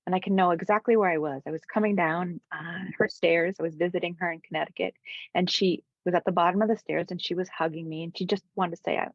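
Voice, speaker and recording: A woman guest, a spiritual coach, telling a heartfelt personal story in an interview, dropping to soft whispers at times. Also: fairly low pitch, fairly even intonation, quick pace, no room sound, muffled recording. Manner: earnest, drops to soft whispers for quoted moments.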